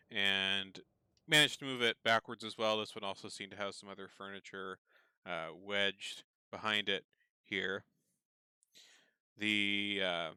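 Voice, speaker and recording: A man narrating a tabletop game as game master, relaxed and full of fillers. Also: on the low side, smooth, no echo.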